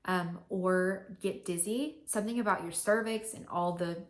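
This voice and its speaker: A woman's voice: fairly low pitch, moderate pace. A young woman vlogging to camera, telling a personal story in a chatty, candid way with many fillers.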